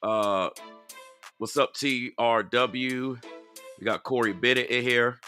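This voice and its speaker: Outdoors, with faint music behind him, a man hosts a casual live-stream commentary, addressing his viewers directly. His mid-range voice is slow and sharp in tone, and he repeats himself emphatically.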